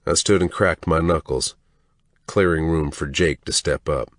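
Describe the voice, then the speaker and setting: A man's voice: extremely low pitch, a little slow, no room sound, clean studio sound. A man narrating a story in a menacing, crude voice. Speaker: audiobook narrator. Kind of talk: scripted narration.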